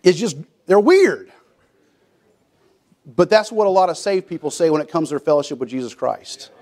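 A man preaching a sermon in a folksy, conversational way. His voice sits a little higher than most men's. He often restarts his sentences and acts out the voices in his stories. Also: animated, quick pace, darkish tone. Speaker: pastor.

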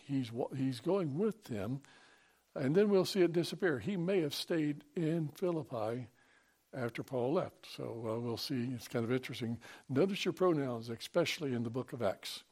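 A man preaching a sermon, reading scripture and praying, in an earnest, halting way with many pauses and restarts. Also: medium pitch, darkish tone. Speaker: pastor. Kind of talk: sermon with Bible reading and prayer.

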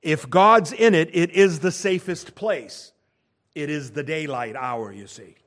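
A middle-aged man preaching a sermon, swinging from hushed asides to loud emphatic lines. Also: a little high, a little slow. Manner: dynamic preaching with wide swings in volume, from near-whispers to loud emphasis.

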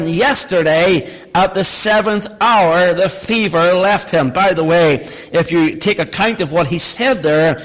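A man's voice: high-pitched, a bit bright. A middle-aged male pastor preaching a sermon, reading scripture and then explaining it with emphatic, repeated phrases. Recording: long hall reverb.

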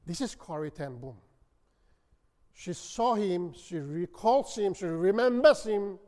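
A man preaching a sermon, telling a story dramatically and swinging from loud to hushed. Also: high-pitched, expressive, slow. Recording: long reverb of a hall.

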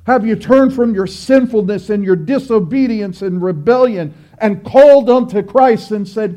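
High-voiced man preaching earnestly. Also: a little slow, mellow. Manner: earnest, repetitive, exhorting. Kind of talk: sermon.

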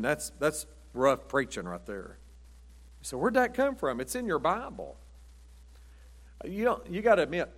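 A man's voice: mid-range voice, fairly bright tone. A middle-aged man preaching a Baptist sermon in a folksy, emphatic way, with punchy short lines.

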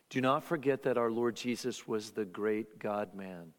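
A man's voice: fairly low pitch, unhurried. Earnest male preacher in a reverberant hall. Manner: earnest, emphatic preaching, drops to hushed tones. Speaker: pastor. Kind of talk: sermon.

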